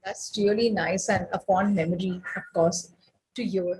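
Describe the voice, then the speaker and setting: A woman's voice: medium pitch, steady tone, normal speed, a little mellow, rough recording. Chatty woman interviewer on a video call. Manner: chatty, encouraging, rambling questions. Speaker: interviewer host. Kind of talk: interview chat.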